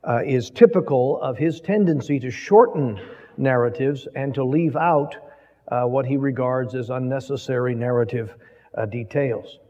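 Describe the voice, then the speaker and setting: A man preaching an expository sermon, reading scripture in a measured, emphatic way. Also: mid-range voice, mellow. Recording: lo-fi, long reverb from a hall.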